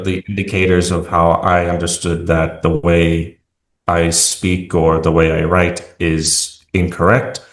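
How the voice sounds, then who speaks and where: A man's voice: low voice, echoey room. An American man talking casually as an interview guest, hesitant with many fillers and restarts. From United States.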